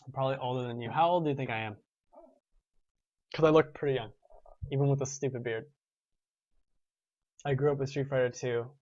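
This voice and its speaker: A man's voice: mid-range voice, fairly even intonation, brisk, long pauses, darkish tone, no echo, lo-fi sound. A man in his twenties hosting a gaming show, chatting casually and rambling with restarts while reading viewer comments. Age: 20s.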